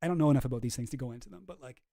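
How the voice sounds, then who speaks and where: A man's voice: mid-range voice, racing, warm tone. A man from Canada, hosting a casual reaction commentary and ranting profanely with frequent restarts. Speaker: commentary host.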